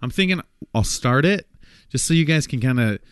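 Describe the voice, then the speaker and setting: A male podcast co-host with a mid-range, clear and resonant voice speaks at a moderate pace with lively intonation, in a dry, studio-quality recording. He rambles and laughs through casual talk, swearing freely while fiddling with a phone call.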